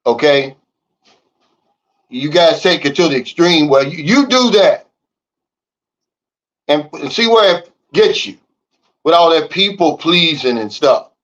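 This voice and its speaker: A man's voice: fairly high pitch, very animated, slow, long pauses, a bit bright, highs cut off. A man hosting a livestream, reading the chat and ranting in a blunt, fired-up way. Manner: fired-up, blunt, repeats "Big Dog" and "okay?". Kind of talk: casual livestream talk. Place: living in the Philippines.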